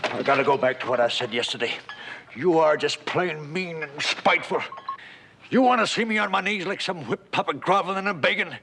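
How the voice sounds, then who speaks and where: An actor playing a proud, stubborn man in a 1960s TV western, with a rough backwoods drawl. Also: fairly high pitch, brisk, background noise, close to an everyday voice. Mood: defiant. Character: proud stubborn mountain man, rainmaker father.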